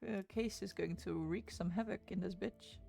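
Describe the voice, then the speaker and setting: A woman's voice: medium pitch, moderate pace, vocal fry, mellow, soft background music. A young woman hosting a casual book livestream, chatty and swearing freely as she greets her viewers. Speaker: book streamer.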